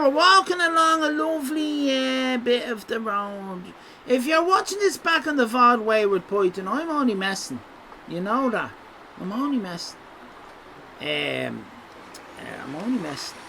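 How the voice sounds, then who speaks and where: A man's voice: extremely high pitch, expressive, unhurried, bright, forceful tone, slight background noise, rough recording. A man giving rambling, teasing live-stream commentary over a city walk. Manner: jokey, rambling, teasing chat.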